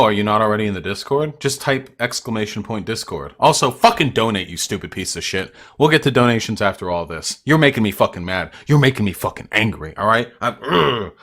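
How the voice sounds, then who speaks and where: A man's voice: fairly low pitch, lively intonation, brisk, hardly any pauses, pushed and bright. Profane, ranting young male streamer. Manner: profane, combative, mocking. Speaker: livestream host. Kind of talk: ranting livestream chat with viewers.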